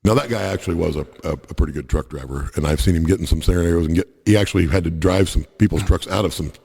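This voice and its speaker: A man co-hosting a casual podcast chat, joking in a dry, deadpan way. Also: low voice, fast talker, creaky, slightly rough. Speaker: podcast co-host. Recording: long hall reverb.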